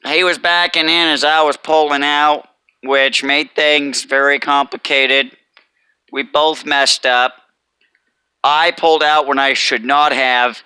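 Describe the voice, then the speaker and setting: A man voicing a male truck driver who calmly and plainly admits his part in a mistake. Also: a little high, slow, clean tone, dry recording, exaggerated voice. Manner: plain, calm and owning up.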